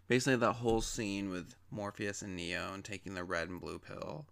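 Young guy gushing about a movie, lowish voice, lots of likes and ums. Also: level tone, moderate pace, gravelly, a bit bright, smooth. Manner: chatty and enthusiastic, with many fillers. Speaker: movie reviewer. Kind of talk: casual movie review.

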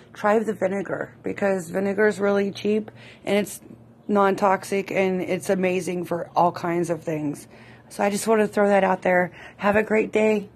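A woman leaving a friendly, chatty voice message. She repeats herself and giggles as she talks. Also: medium pitch. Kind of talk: casual voice message.

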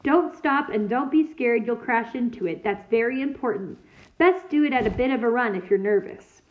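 A woman voicing a kind, bustling mother of many sons in a storybook reading, brisk and reassuring. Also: fairly high pitch, close to an everyday voice. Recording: tinny phone-like sound.

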